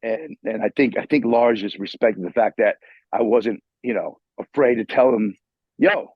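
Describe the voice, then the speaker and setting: Speaking at a moderate pace, a middle-aged guitarist from New York tells a casual interview story, animated and full of curses and restarts. His voice is husky with an ordinary pitch. The audio comes through a muffled video call and sounds dull and dry.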